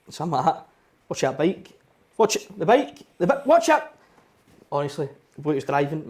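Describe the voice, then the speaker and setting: A man's voice: mid-range voice, a little mellow. A Scottish man co-hosting a podcast in casual chat, telling rambling anecdotes full of quoted dialogue. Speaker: podcast co-host.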